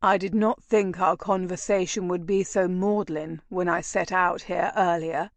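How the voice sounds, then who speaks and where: Woman voicing a soft-spoken commanding nobleman. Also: on the low side, fairly even intonation, a little slow, dry recording. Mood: low, intimate. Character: male nobleman lover, tender and commanding.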